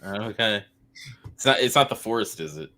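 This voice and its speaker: Male co-host, deep but bright tone, animated, blunt. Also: moderate pace. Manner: blunt, swears. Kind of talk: casual chat.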